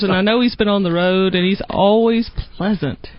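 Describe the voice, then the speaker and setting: A woman from Georgia with a Southern accent, a wildlife biologist talking lively in a radio interview. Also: mid-range voice, normal speed. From Georgia, USA. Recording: dull dry studio sound.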